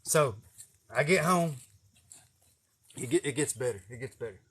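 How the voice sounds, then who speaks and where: A man's voice: mid-range voice, normal speed, a bit bright, slightly rough. A man in his forties with an East Tennessee accent, telling a rambling, profane, folksy story on his vlog. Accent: Southern US, East Tennessee. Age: 40s. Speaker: vlogger. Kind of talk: casual storytelling.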